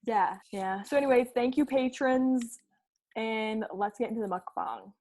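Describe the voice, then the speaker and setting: A woman co-hosting a casual eating show, upbeat and quick to react. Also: fairly high pitch, darkish tone. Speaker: co-host. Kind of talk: casual chat while eating.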